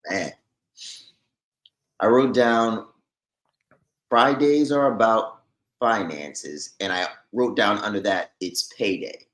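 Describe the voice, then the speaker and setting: A man's voice: fairly low pitch, slow pace, pauses often, a bit bright. A man who owns a business, chatting openly and easygoing as a podcast guest. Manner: open and easygoing. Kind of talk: casual podcast chat. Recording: roomy echo.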